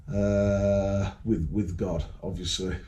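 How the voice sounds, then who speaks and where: A man's voice: low voice, little pitch movement, slow, warm tone. A man from Birmingham with a Birmingham accent, talking in a rambling, profane and combative monologue that repeats words and restarts often. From Birmingham, England. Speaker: vlogger. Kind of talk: casual to-camera monologue.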